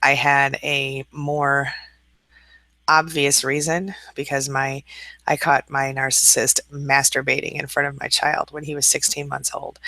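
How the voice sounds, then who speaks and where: A woman hosting a casual live stream, reading out viewer comments and answering them with a warm, chatty manner. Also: rumbling low, creaky, dry recording.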